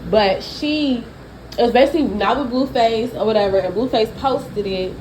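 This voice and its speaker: A young woman, giving blunt, profane, animated celebrity gossip commentary. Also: fairly high pitch, moderate pace, a little hiss or hum, rough recording.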